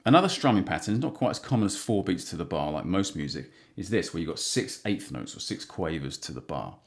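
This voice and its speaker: A man teaching guitar strumming patterns, relaxed and counting beats aloud as he plays. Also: low-pitched, a little fast, creaky. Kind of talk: instructional guitar lesson. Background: acoustic guitar strumming.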